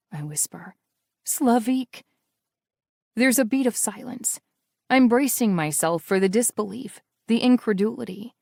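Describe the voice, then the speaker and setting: A woman narrates a first-person audiobook in a close, intimate, emotional way. Her pitch sits mid-range for a woman. The recording is dry, with no room sound. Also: a little mellow, dry recording.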